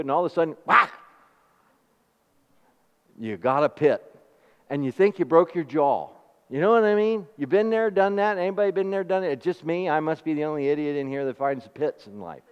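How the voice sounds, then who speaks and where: A man preaching a sermon, asking the congregation questions and telling homely stories in an animated way. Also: a little high, smooth. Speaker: pastor. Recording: dull recording with long hall reverb.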